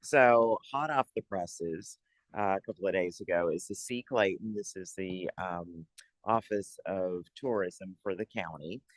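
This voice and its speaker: A man's voice: deep voice, a little slow, no room sound, low-quality recording. Chatty man giving a meeting update. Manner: chatty, upbeat, stops mid-sentence to find papers. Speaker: city economic development staff presenter. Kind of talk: public board meeting update. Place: city meeting room.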